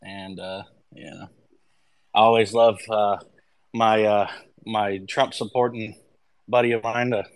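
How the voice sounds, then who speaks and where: A man's voice: fairly low pitch, steady tone, measured pace, long pauses, poor audio. A man hosting an audio chat, easygoing and bantering with a guest. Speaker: host. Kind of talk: casual chat.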